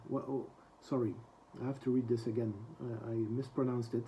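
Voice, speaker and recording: A man giving a reflective book lesson, reciting quoted prayers quickly and then translating them slowly, with frequent soft hesitations. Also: mid-range voice, flat delivery, dull audio.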